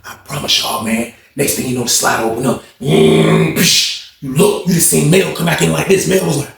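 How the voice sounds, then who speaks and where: Young man, storytime, slangy, gravelly voice, echoey room. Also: medium pitch, normal speed. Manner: animated slangy retelling, acts out quotes. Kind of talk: casual jailhouse storytime.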